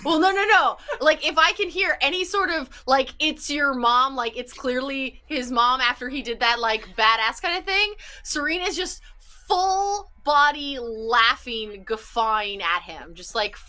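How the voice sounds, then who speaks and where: Woman player, eager casual chat, high and bright. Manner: eager, quick, lots of "like". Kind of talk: casual chat at a game table.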